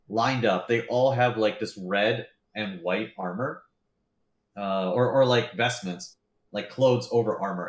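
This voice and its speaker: A man narrating as game master in a tabletop game, rambling with lots of fillers. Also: fairly low pitch. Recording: roomy echo.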